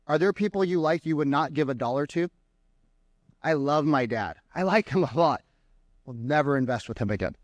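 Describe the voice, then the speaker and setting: A man speaking as a sales trainer to a live audience, energetic and mocking as he acts out callers. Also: on the high side, normal speed, dry recording. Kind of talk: keynote talk to a live audience. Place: conference room with an audience.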